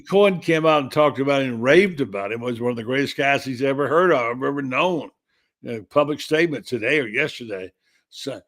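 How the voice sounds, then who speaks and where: A male host leading a casual sports talk discussion, speaking in a blunt, opinionated, conversational way. His voice sits at an ordinary middle pitch.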